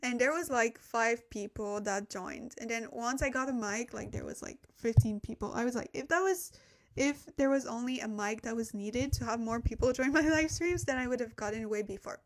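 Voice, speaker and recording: A woman's voice: fairly high pitch, moderate pace. A young woman, not a native English speaker, teaching a casual live-streamed language lesson at a desk mic, chatty and laughing often as she reads the chat. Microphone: desk microphone.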